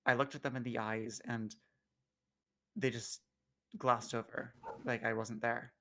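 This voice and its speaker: A man playing his character in a tabletop game, talking in an earnest, reflective way with gentle hesitations. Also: medium pitch, flat delivery, a little slow. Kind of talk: in-character roleplay.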